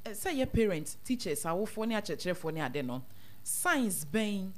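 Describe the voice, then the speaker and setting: A woman, hosting a talk and asking her guest calm, brief questions. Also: mid-range voice, normal speed. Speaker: host. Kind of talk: interview questions.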